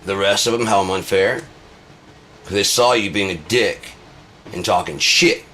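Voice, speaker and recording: A man's voice: sits low, moderate pace, pushed and bright, slight background noise. A man hosting his own channel, swearing through an angry rant and acting out both sides of arguments himself. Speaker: channel host. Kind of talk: angry ranting monologue.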